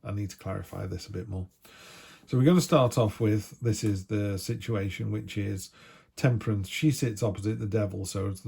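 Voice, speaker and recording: Male tarot reader from the United Kingdom, gravelly and husky, chatty with playful asides. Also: lowish voice, steady tone, a little fast, dark tone. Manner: chatty, jokey, acts out little voices. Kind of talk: casual tarot reading.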